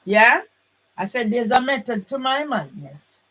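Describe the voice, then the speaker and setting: An older woman talking to her phone camera in a rambling, combative monologue, often pausing on a challenging "yeah?". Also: fairly high pitch, animated, a bit bright, slight background noise, rough recording. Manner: combative, repeats tag question "yeah?"; rambling, restarts lines. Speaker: vlogger.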